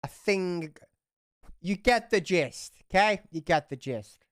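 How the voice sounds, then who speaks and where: A woman's voice: fairly low pitch, lively intonation, slow pace, no room sound, studio quality. A woman running a tabletop game livestream, chatty and swearing freely as she narrates. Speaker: game master.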